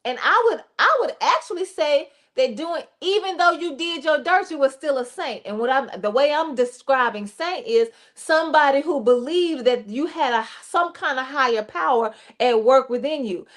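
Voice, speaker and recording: A woman reverend hosting a livestream faith talk, speaking animated and direct to her listeners. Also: high-pitched, normal speed, hardly any pauses. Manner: animated, addresses listeners directly, acts out quotes. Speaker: reverend and show host.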